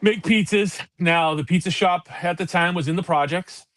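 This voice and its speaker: A man's voice: high-pitched, normal speed, fairly bright tone, no room sound. Man, co-host, casual profane storyteller, close dry mic. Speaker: podcast co-host. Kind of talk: casual chat.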